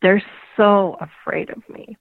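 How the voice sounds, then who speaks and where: A woman's voice: mid-range voice, slow, gravelly, no echo. A woman voicing a shunned female hen who talks in plaintive inner monologue, over a dry, tinny phone line. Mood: despairing.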